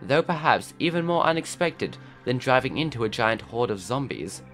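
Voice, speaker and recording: A man's voice: mid-range voice, animated, moderate pace, a bit bright, soft background music. A man narrating a game video in a wry, scripted, storytelling way.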